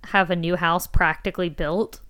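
A woman co-hosting a casual podcast chat, teasing her co-host in quick banter. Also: on the low side, steady tone, a bit bright, smooth.

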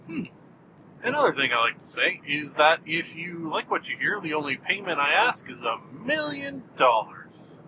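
A man hosting a solo podcast, talking in a wry, deadpan, self-mocking way with jumpy, animated delivery. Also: high voice, slight background noise, rough recording. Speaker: podcast host.

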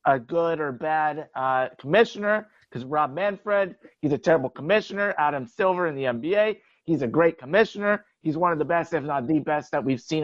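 A man's voice: on the high side, dry recording, dull audio. A young man co-hosting a casual sports podcast, explaining his view steadily and often saying "like". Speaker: podcast co-host.

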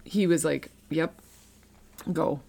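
A woman in her thirties speaks in a low, dusky voice, sharing a personal faith testimony. She talks earnestly and conversationally, stumbling over restarts and fillers, and her voice carries the strain of someone close to tears. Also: slow, gravelly, dark tone. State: emotional, near tears.

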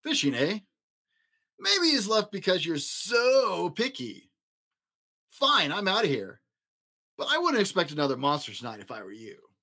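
A man's voice: high-pitched, wildly swooping pitch, unhurried, long pauses, sharp tone, voice pushed up, heavily acted. A man voicing a grumpy male substitute monster in a storybook, scolding and huffy.

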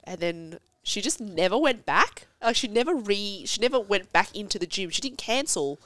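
A woman's voice: medium pitch, lively intonation, normal speed, fairly bright tone, no room sound. A woman in her thirties, a podcast guest chatting casually and telling stories with laughter and expression. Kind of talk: casual chat.

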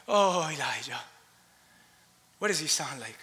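Impassioned male pastor, high bright voice, long church reverb. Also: expressive, unhurried, pauses often. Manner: impassioned, swings from loud preaching to hushed asides. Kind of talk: sermon.

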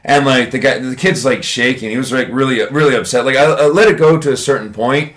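A man's voice: mid-range voice, brisk, a bit bright. A man who works as an English teacher in Japan, casually telling a profane classroom story on a podcast. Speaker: podcast co-host. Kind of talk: casual chat.

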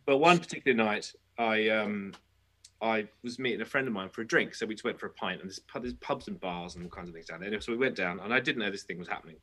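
A middle-aged man, a guest musician, telling a story in casual podcast chat with animated restarts. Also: lowish voice, fast.

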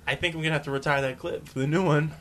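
A man's voice: a little high, fairly even intonation, very fast, fairly bright tone, slight background noise. A man co-hosting a podcast in casual banter, laid-back and joking, often restarting his sentences. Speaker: podcast co-host.

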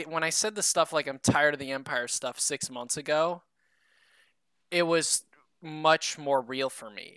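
Male podcast co-host, casual rambling chat, bright crisp voice, dry close sound. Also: medium pitch, no echo. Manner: rambling, self-deprecating, swears casually.

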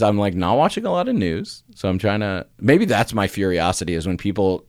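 Low-voiced animated man laughing through stories. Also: a little fast, no echo, studio quality. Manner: animated storyteller, laughing often, voice jumping high when acting out quotes. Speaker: podcast co-host. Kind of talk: casual church podcast chat.

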